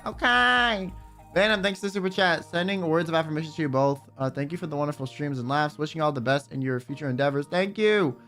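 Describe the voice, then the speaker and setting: A man's voice: fairly high pitch, fast, sharp tone, soft background music. A man streaming and chatting casually, rambling with lots of fillers and swearing. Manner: rambling, profane, trails off with fillers. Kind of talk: casual livestream chat.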